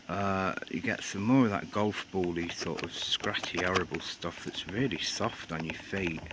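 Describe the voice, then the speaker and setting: A man's voice: low voice, measured pace, hardly any pauses, heavy background noise. A man from England rambling through a casual outdoor shoe review, joking and swearing under his breath as he films on a cold day. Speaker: sneaker reviewer.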